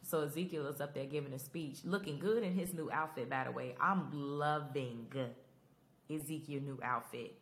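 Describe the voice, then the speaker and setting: Young woman host, deep low voice, emphatic and chatty recap talk. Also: normal speed, a bit bright. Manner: chatty, emphatic, addresses listeners as y'all. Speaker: podcast host. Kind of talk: casual show recap.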